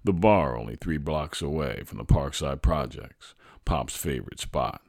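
A man reading his own true childhood story aloud in a measured, reflective way. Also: extremely low pitch, lively intonation, gravelly, a little mellow, no echo, studio quality. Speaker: storyteller, podcast host.

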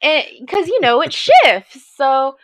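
A woman telling a race story in casual chat, animated and laughing often. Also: sits high, slow. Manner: animated storyteller, laughs often, acts out her own thoughts. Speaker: race participant recounting her race.

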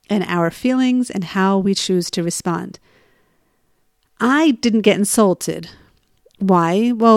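A woman coach telling a personal story and drawing a lesson from it, in an animated way with frequent laughter. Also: medium pitch, dry recording, studio quality. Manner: animated, acts out dialogue, laughs often. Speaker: coach on getting unstuck. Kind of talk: storytelling monologue with advice.

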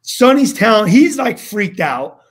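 A man with a high, light voice tells an animated story as a guest on an interview show. He talks in casual slang and jumps into the voices of the people in his story. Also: measured pace, husky. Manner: casual slangy, acts out quotes.

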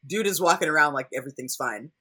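Husky, bright-voiced podcast co-host, cursing freely. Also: mid-range voice, fast. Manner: profane, animated, slangy. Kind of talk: casual recap chat.

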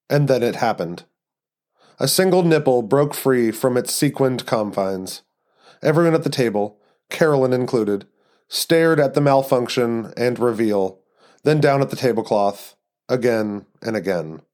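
A man reading a story aloud as narrator and host of his podcast, in an even, measured way. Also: mid-range voice. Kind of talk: scripted narration.

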